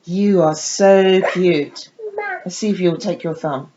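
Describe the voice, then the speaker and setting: A woman vlogging a doll unboxing in a casual, chatty way, slipping into sing-song baby talk with her dolls. The audio is dull and lo-fi. A steady noise sits clearly behind her voice. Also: on the low side, takes it slowly.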